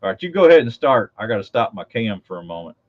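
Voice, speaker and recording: A man's voice: on the low side, very animated, fast talker, darkish tone. An American man co-hosting a livestream, joking and teasing in casual banter over a video call. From United States. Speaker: co-host. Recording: lo-fi audio.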